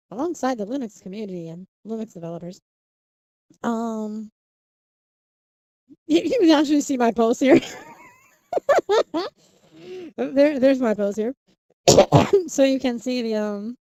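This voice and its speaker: A young woman livestreams in a casual, giggly ramble, constantly interrupting herself, restarting sentences and laughing often. Her voice sits on the high side with a warm tone, and the recording is dry.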